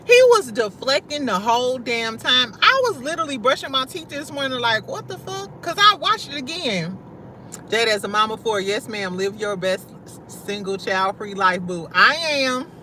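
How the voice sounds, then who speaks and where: A young woman from St. Louis chats live with her viewers in a bright, forceful voice that sits a bit high. She talks loose and slangy, swears freely and breaks into laughter often, with faint traffic in the background. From St. Louis, USA. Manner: loud, laughs often, slangy and profane, talks straight to chat. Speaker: livestream host. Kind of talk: casual livestream chat with viewers.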